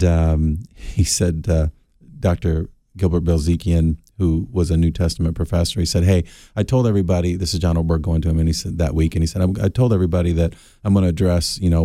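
A middle-aged man answering Bible questions as a radio guest, earnest and halting with fillers. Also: low-pitched, dark tone, dry recording, clean studio sound.

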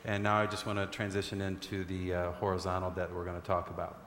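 A man interviewing a guest in a church, guiding the talk with calm, measured questions. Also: low-pitched, a little hiss or hum. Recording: echoey hall recording.

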